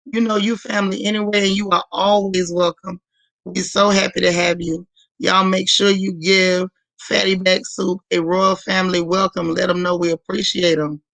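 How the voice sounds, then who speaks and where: A woman hosts a live stream with a hoarse, gravelly voice. She chats casually and greets viewer after viewer by name. The sound is dry, with no room echo. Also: mid-range voice, flat delivery, moderate pace, fairly bright tone. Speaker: livestream host.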